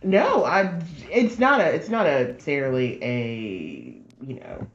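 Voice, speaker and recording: A woman on a podcast telling a dating story in a casual, lively way, acting out both sides of the conversation. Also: rumbling low, a little slow, echoey room, lo-fi sound. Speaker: podcast guest.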